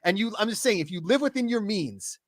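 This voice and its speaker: Bright lively guy ranting about his team, dry close mic. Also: sits high, brisk, dry recording. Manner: animated ranting, swearing. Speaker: podcast co-host. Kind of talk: casual sports chat.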